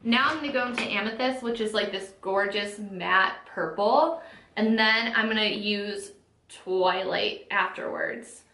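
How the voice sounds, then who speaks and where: Bright-voiced chatty young woman. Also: medium pitch, a little slow, slight background noise. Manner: chatty, says "like" constantly, acts out quotes. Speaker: beauty vlogger. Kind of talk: casual chatty storytime while doing makeup. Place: home room, sitting at a makeup setup. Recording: echoey room.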